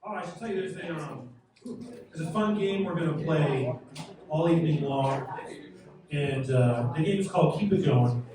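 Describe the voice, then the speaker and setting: A man hosts a comedy showcase, his high voice swinging widely as he shouts the introductions. He sounds distant in a reverberant club. A loud room noise sits under him. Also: expressive, normal speed, long pauses. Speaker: show host. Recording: echoey room from far off.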